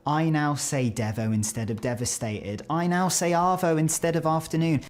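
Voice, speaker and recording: A man's voice: fairly high pitch, fairly even intonation, moderate pace. A man telling stories and teasing playfully while chatting on a gaming stream. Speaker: voice actor co-host. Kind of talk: casual gaming stream chat.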